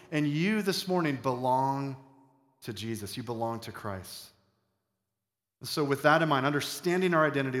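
A pastor preaching a closing sermon to his congregation as the band plays softly behind him, building to fervent proclamation. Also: mid-range voice. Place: church sanctuary. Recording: echoey church room with music. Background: band playing softly.

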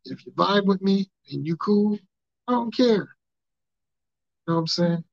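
A gravelly-voiced man hosts a loose podcast, rambling and joking loudly in heavy slang. The room sounds dry and close, and the audio is a bit dull and lo-fi. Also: sits high, expressive, a little slow, pauses often, no room sound. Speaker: podcast host. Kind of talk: casual podcast banter.

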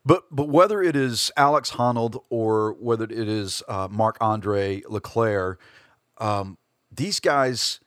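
Low-voiced hesitant male podcast host. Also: slow, a bit bright, no room sound, studio quality. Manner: hesitant, many fillers and restarts. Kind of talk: casual reflective monologue.

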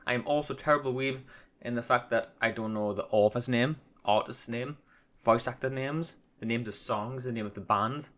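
A man's voice: medium pitch, normal speed, fairly bright tone. Rambling self-deprecating podcaster man. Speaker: podcast host. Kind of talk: casual solo podcast monologue.

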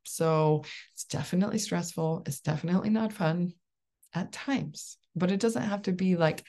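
A woman in her thirties talks through a coaching idea in a casual, upbeat way, laughing often. Her voice sits low with a gravelly, creaky edge. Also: a little mellow. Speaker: life coach and support group host. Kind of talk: casual solo coaching talk.

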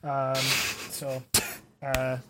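A man's voice: medium pitch, completely flat delivery, very slow, very noisy. A man hosting a casual podcast chat, swearing and restarting his sentences. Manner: swearing, stammering restarts, laughing often. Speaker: podcast host.

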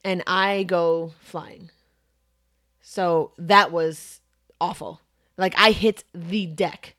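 A young woman co-hosting a podcast, telling a story in casual chat, animated and profane. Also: on the low side, extremely slow. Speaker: podcast co-host.

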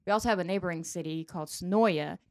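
A woman with a Southern American accent hosts a casual podcast chat. She rambles and giggles as she talks, her voice a little low for a woman. The sound is dry and close up. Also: quick pace, darkish tone, dry recording. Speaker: podcast host.

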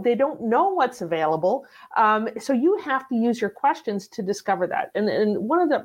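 Middle-aged woman, sales coach guest; mid-pitched voice, animated anecdotes with acted-out dialogue. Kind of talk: conversational interview.

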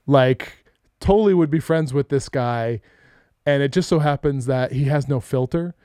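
A man's voice: medium pitch, normal speed, clean tone, no room sound, studio quality. A middle-aged man co-hosting a podcast, telling stories in casual chat, cursing freely and acting out the quotes. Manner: profane, animated storyteller acting out quotes. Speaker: podcast co-host.

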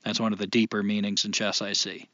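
A man's voice: fairly low pitch, little pitch movement, fast, sharp tone, no echo. A reflective man co-hosting a casual podcast, leaning hard on his points and dropping the odd curse. The recording is dry and a little dull, like a lo-fi home setup. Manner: reflective, emphatic, swears casually. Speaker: podcast co-host.

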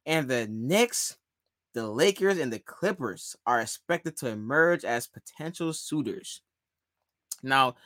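A man hosting a sports talk podcast, animated and emphatic, repeating his key phrases on a close mic. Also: mid-range voice, no echo. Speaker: podcast host.

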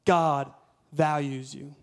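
Male guest preacher, thirties, slightly high voice; storytelling sermon that swells to loud peaks. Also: level tone, slow, clean tone. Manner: storytelling, rising to emphatic peaks.

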